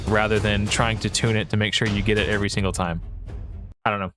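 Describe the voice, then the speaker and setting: Hesitant man thinking out loud. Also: fairly low pitch, level tone, fast, over music. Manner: rambling, hesitant, frequent restarts and fillers. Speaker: gaming video creator. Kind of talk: casual thinking-aloud commentary.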